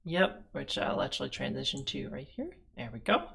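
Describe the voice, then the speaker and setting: A rambling, chatty host of a live-streamed tabletop show, talking from a home desk setup over an online call. The voice sits at a middle pitch with a gravelly, fry-edged texture, and laughs break in often. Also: wildly swooping pitch, a little fast, fairly bright tone. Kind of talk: casual chat on a live stream.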